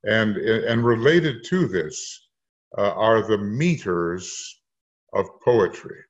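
A man leading a casual discussion, speaking haltingly with many pauses and fillers. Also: lowish voice, lively intonation. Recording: muffled lo-fi sound.

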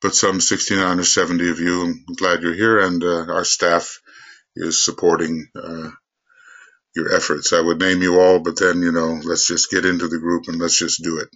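A man teaching esoteric lore and leading a group meditation, talking quickly and rambling with many fillers. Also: deep voice, little pitch movement, a bit bright, breathy edge, lo-fi sound. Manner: speaks quickly. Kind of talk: esoteric lecture and guided meditation.

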